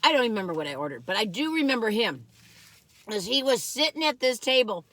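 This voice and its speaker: A woman's voice: a little high, big pitch swings, a little fast, a bit bright. A chatty woman vlogging a food taste test, rambling as she eats and laughing often. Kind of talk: casual chat.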